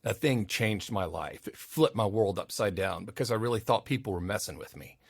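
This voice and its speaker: A man's voice: on the low side, normal speed, gravelly, husky, no room sound, clean studio sound. A man guest on a podcast, an audio engineer, telling stories casually and acting out the voices of the people in them. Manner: animated, acts out quoted voices. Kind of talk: casual interview storytelling.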